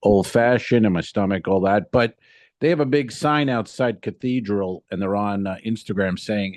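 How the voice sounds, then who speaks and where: A man's voice: lowish voice, moderate pace, a little mellow, dry recording. A man co-hosting a comedy podcast in casual chat, laughing often and griping in mock outrage. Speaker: podcast co-host.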